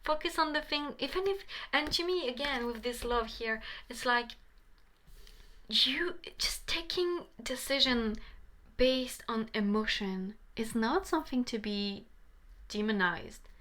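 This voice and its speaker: A woman's voice: a little high, moderate pace, fairly bright tone. Passionate woman tarot reader, pleading. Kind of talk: tarot reading to camera.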